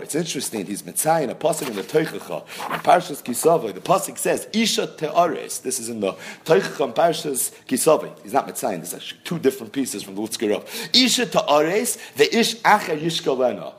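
A man giving a Talmud lesson, explaining the text with emphatic questions and answers. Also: medium pitch. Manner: lively, emphatic teaching with rhetorical questions. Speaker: Talmud teacher. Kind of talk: daf yomi Talmud lecture.

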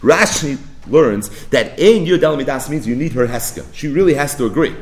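Animated man giving a lecture. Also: medium pitch, moderate pace. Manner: animated, singsong quoting of texts, rising to near-shouts. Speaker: Talmud teacher. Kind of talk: yeshiva-style Talmud lecture.

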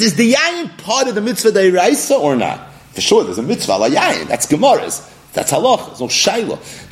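Man, Talmud lecture, animated, pitch rising and falling a lot, questions then answers. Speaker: Talmud teacher.

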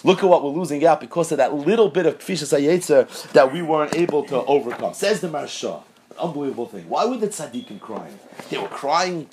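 A man giving an animated Talmudic lecture as a Torah teacher, posing questions and answering them himself. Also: fairly high pitch, a little hiss or hum. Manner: animated, rapid, asks and answers his own questions.

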